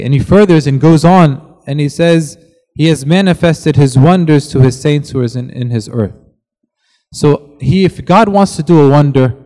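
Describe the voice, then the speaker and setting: A man's voice: on the high side, mellow, long reverb tail, poor audio. A man preaching a sermon in an earnest way, reading scripture aloud with rising emphasis.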